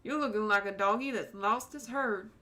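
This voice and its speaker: A woman's voice: medium pitch, normal speed, sharp tone, slight background noise, natural voice. A woman voicing a laid-back Southern cowboy lawman in a game, with a Tennessee drawl and folksy frontier sayings. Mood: lazy drawl.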